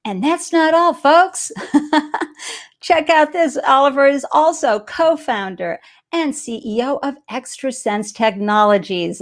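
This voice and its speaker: A woman with a Boston accent hosting a live stream interview, bubbly and enthusiastic as she greets viewers. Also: a little high. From Boston area, US. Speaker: live stream show host.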